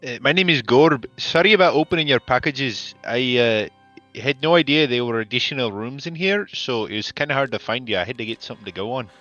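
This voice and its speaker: A man's voice: medium pitch, animated, a little fast, fairly bright tone. A man playing a character in a tabletop game who speaks politely and a little hesitantly. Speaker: player. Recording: slightly dull, with faint music.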